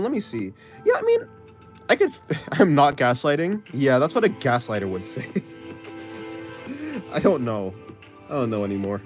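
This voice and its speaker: A man livestreaming while he draws, chatting with viewers, rambling and thinking aloud into a phone mic. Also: medium pitch. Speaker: art livestreamer. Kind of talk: casual chat with a live stream audience. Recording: slightly dull audio, faint music.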